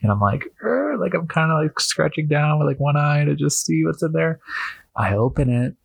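Husky-voiced man telling a story. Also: fairly high pitch, a little fast. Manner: animated, acts out quotes, heavy use of "like". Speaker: podcast host. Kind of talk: storytelling monologue.

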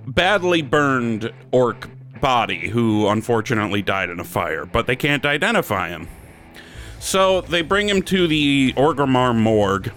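A man's voice: medium pitch, fairly bright tone. A man from Wisconsin co-hosting a podcast and telling crude gaming jokes, now and then putting on silly voices. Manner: crude joke-teller, slips into silly character voices. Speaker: podcast co-host. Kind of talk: casual joke-telling chat.

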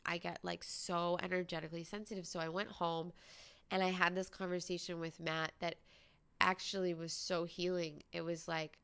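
Woman host, low-pitched, gravelly but smooth voice, candid chatty storytelling with lots of "like". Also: a bit bright. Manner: candid, conversational, many "like" fillers. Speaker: podcast host. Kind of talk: personal storytelling monologue.

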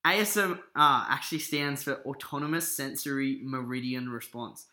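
A man's voice: mid-range voice, moderate pace, bright, forceful tone. A young Australian man co-hosting a podcast, rambling and swearing casually from a living-room lounge on a shared mic. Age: young adult. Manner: rambling, sweary, laid-back. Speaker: podcast co-host. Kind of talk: casual chat. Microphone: single shared mic. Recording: roomy echo.

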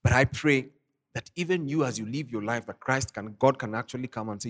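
A man preaching an online sermon, who reads scripture aloud slowly and talks to his listeners in a loose, conversational way full of "you know" and "I mean". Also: mid-range voice, a bit bright. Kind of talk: online sermon, Bible teaching.

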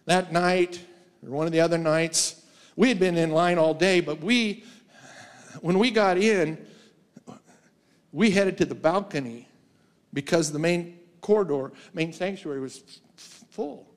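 Male guest preacher, fairly high voice, anecdotal sermon delivery, chuckles between stories. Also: measured pace, pauses often. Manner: storytelling, laughs often, acts out quoted voices. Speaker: guest speaker. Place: church sanctuary.

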